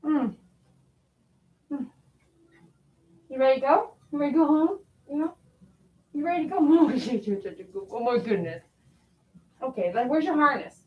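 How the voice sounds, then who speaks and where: A woman's voice: high-pitched, unhurried, pauses often, lo-fi sound. A woman dog groomer on a live stream, cooing affectionately as she talks to a dog. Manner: cooing, affectionate talk to a pet.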